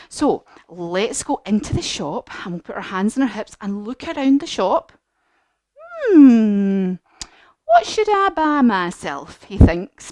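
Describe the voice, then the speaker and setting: A woman leading a children's yoga lesson as a story, animated and encouraging. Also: mid-range voice, no room sound. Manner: animated, encouraging, sing-song. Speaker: kids yoga teacher.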